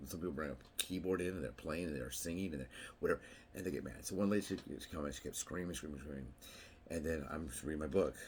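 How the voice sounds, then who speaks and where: A middle-aged man with an extremely low, booming voice chats straight to camera. He tells long, wandering stories and acts out other people's words in a louder voice. Faint noise sits behind him. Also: fast. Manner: rambling, anecdotal, acts out quotes in a raised voice. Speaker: vlogger. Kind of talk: casual monologue to camera.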